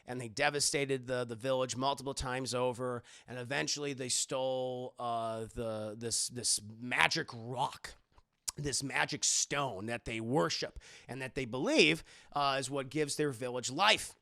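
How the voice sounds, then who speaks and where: Dude streaming a movie recap, super gravelly voice, bright and tense, swears a lot and keeps talking to chat. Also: male voice, mid-range voice, a little slow. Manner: rambling, profane, keeps addressing the chat; acts out characters' lines as he retells scenes. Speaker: movie reviewer and livestreamer. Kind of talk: casual livestream movie recap.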